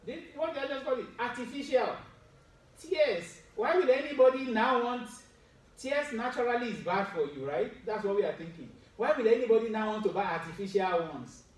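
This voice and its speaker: High-pitched guy preaching, quizzing the crowd, dry jokes, far off mic, super echoey hall. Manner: explains with medical detail, asks the audience questions, wry asides. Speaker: preacher giving a Friday sermon. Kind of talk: sermon. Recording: roomy echo, distant mic, faint ambience.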